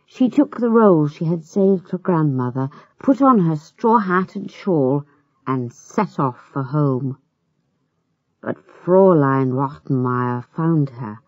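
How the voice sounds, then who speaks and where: Slow, expressive woman storyteller. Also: low voice, no echo. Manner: measured, expressive. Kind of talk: storybook reading for learners. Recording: muffled with faint music.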